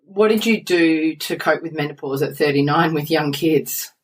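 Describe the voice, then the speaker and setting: A woman's voice: low voice, moderate pace, recorded from a distance, slight background noise. Chatty woman host. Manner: chatty, prompting questions. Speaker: podcast host. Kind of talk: casual podcast conversation.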